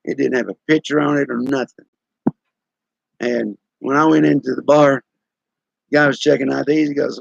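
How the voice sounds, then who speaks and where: Long pauses punctuate the creaky, medium-pitched voice of a sixty-something Tennessee man with an East Tennessee Southern drawl, who chuckles while casually spinning folksy tales for his live stream viewers. His tone stays steady at a normal speed, and the muffled recording has no room sound.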